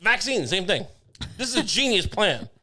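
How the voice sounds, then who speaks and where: Man, comedy podcast co-host, profane, rambling riffs, fairly high voice. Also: very animated, normal speed, sharp tone. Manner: rambling, profane, riffing with absurd jokes. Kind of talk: casual comedic podcast banter.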